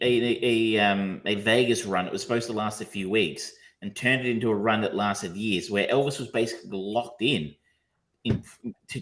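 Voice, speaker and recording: Reviewing films as a podcast co-host, a man with a lowish, slightly bright voice chats loosely and rambles, full of ums, false starts and casual cursing.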